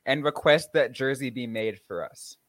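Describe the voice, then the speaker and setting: An easygoing man co-hosting a podcast, his voice at an everyday pitch. The sound is close and dry, with no room echo at all. He sounds amused and often pauses with fillers. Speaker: podcast co-host. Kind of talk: casual chat.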